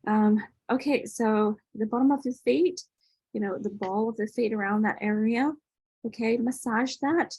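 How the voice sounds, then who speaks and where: A woman hosts an online workshop from a video call and talks loosely and chattily, full of "um"s and "okay?"s. Her voice is a touch husky. The sound is dry and close. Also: a little high, normal speed, mellow, dry recording, rough recording. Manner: chatty, loose, with many fillers and tag questions. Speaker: workshop host. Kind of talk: casual teaching in an online workshop.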